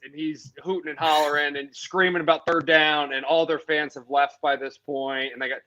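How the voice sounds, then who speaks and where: This is a young man in his twenties telling relaxed anecdotes during a casual talk. His pitch is in an ordinary middle range. His audio is muffled and lo-fi, with its top end dulled. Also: normal speed, hardly any pauses. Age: 20s. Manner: easygoing storyteller, chuckles while telling anecdotes. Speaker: co-host. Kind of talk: casual storytelling chat.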